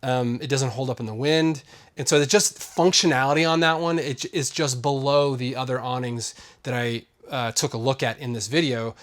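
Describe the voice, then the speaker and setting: A man's voice: medium pitch, normal speed. A man hosting a vlog, giving a casual and rambling product review full of fillers. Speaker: host.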